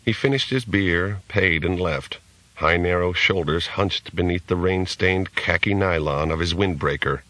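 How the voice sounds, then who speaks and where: A man narrating a novel as an audiobook in a measured reading. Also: sits low, fairly bright tone, no echo, low-quality recording. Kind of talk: scripted narration.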